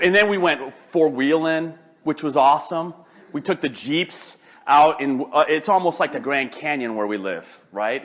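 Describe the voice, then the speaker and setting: Older male motivational speaker, high-pitched, animated and joking, with frequent restarts. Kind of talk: live motivational talk.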